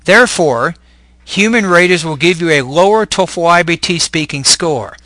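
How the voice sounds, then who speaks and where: A man teaching English word stress in clear, deliberate scripted narration. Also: on the high side, expressive, bright, forceful tone, no room sound.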